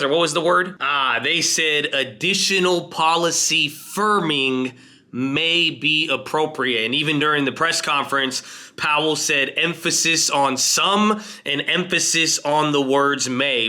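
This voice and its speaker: Bright, excitable man on market commentary. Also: fairly high pitch. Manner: fast, excitable, explains to viewers. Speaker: finance video host.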